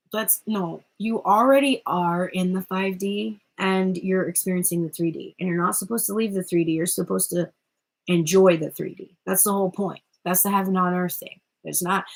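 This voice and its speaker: A woman's voice: fairly low pitch, a bit bright, rough recording. Chatty woman giving a spiritual reading. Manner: chatty, rambling with many fillers and restarts. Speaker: tarot reader. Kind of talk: spiritual card reading monologue.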